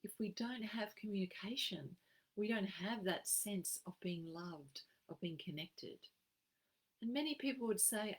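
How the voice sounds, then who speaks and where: An Australian woman giving an expressive, emphatic live-streamed wellbeing talk as a program facilitator. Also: mid-range voice, a little slow, slightly rough, poor audio. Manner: expressive, emphatic, acts out quoted phrases.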